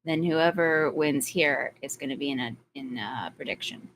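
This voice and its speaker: A woman's voice: rumbling low, moderate pace, slight background noise. A woman co-hosting a game stream, joking around in casual banter. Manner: playful, joking.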